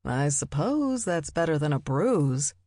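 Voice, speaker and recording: A man's voice: on the high side, big pitch swings, unhurried, dry recording. A woman narrator voicing a patient male detective boyfriend who teases in a dry way. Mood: dry teasing. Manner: dry, gently teasing.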